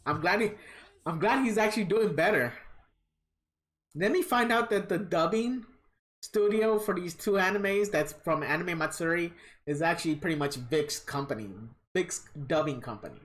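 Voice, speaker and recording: A gaming livestreamer plays a fighting game while giving casual commentary, ranting bluntly and swearing. Her voice is fairly low, animated, and at normal speed, and she laughs at her own rants.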